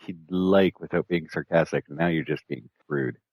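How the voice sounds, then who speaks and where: A man's voice: extremely low pitch, fairly even intonation, moderate pace, breathy edge, no room sound, dull audio. A man co-hosting a casual podcast panel, teasing and blunt with the others. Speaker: podcast co-host.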